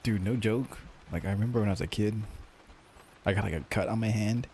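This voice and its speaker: A man's voice: fairly low pitch, a little fast, a little mellow, a little hiss or hum. A male streamer in casual chat with viewers, ranting and joking in a profane, mock-grumpy way.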